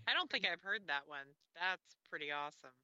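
A woman hosting a casual interview, expressive, laughing and gasping often. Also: on the low side, brisk, lo-fi sound, a crowd in the background. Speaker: host.

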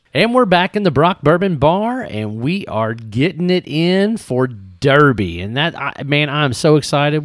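A man's voice: medium pitch, dry recording, clean studio sound. A man hosting a casual podcast chat, joking and rambling and laughing often. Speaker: podcast host.

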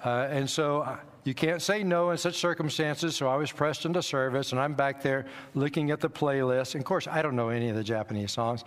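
A man's voice: medium pitch, a little fast, hardly any pauses. A man in his sixties, a missionary, telling self-deprecating stories to a church congregation in an easygoing, anecdotal way. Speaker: missionary speaker. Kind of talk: church talk with personal stories. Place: church sanctuary. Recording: long hall reverb.

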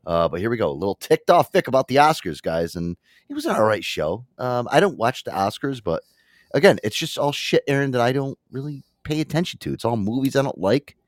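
A man hosting a casual podcast, telling profane stories and acting out his friends' lines in quick voices. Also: mid-range voice, no room sound, clean studio sound. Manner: profane animated storytelling, acts out friends' lines. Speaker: podcast host.

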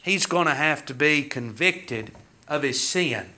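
A man's voice: on the high side, animated, measured pace, sharp tone. A man teaching a Sunday school class, reading Bible verses aloud and then explaining them. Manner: reads scripture aloud in King James wording, then explains it. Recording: dull, lo-fi recording.

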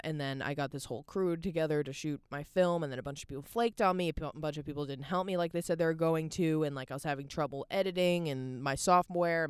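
A woman's voice: low-pitched, clean tone, no room sound, studio quality. Candid young woman rambling to the mic. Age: young adult. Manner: candid and rambling, heavy use of "like". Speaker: podcast host. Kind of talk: casual personal monologue.

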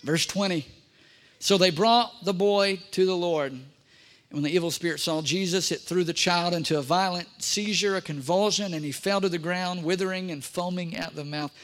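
A man's voice: sits high, normal speed, fairly bright tone. A man preaching a sermon as pastor, emphatic, repeating key phrases and speaking straight to the congregation.

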